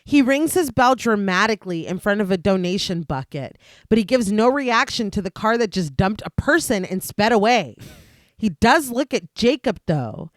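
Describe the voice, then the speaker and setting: A woman podcast host reading a steady, scripted recap of a film's plot, with dry asides. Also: mid-range voice, normal speed, dry recording.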